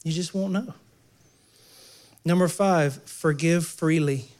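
Male pastor, fairly high voice, relaxed conversational sermon with jokes to the crowd. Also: takes it slowly.

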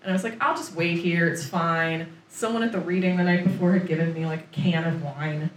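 A woman's voice: lowish voice, fairly even intonation, a little fast. A woman from Florida tells a story in casual chat, laughing often and acting out her own lines. She sits a little back from the mic. The room sounds echoey, with a faint hiss underneath. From Florida, USA. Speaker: author on book tour, guest. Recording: roomy echo, distant mic, faint noise.

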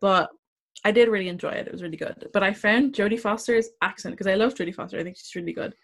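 Relaxed, chatty woman co-host. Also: mid-range voice, quick pace. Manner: relaxed, chatty, laughs easily. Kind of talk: casual film discussion.

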